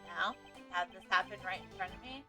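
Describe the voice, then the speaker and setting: A woman streamer voicing a stiff, earnest male prosecutor in a formal, measured and slightly dramatic way. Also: medium pitch, music in the background, close to an everyday voice. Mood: brooding. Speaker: streamer voicing game dialogue.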